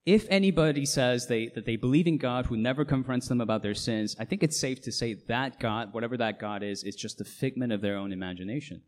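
A man's voice: mid-range voice, fairly quick, hardly any pauses. A middle-aged man, a pastor, preaching a sermon with emphatic delivery and frequent rhetorical questions.

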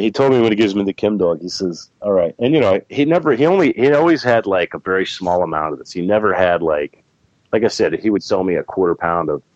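A middle-aged plant breeder, appearing as an interview guest, tells a long story in a low voice. He rambles, corrects himself, and laughs often, and the recording sounds dull and dry with no echo.

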